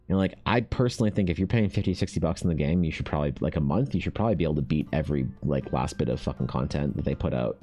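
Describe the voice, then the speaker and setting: A low-voiced man chats loosely while he paints, ranting and swearing as he goes. His voice sits deep, and faint music plays behind him. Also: very fast, hardly any pauses. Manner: swearing, animated, rants. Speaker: artist streamer. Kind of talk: casual rambling chat while painting.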